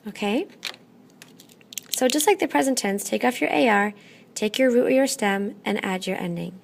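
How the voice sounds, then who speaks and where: A woman teaching a classroom lesson, patient and methodical, often pausing to check in. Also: mid-range voice, gravelly. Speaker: Spanish teacher.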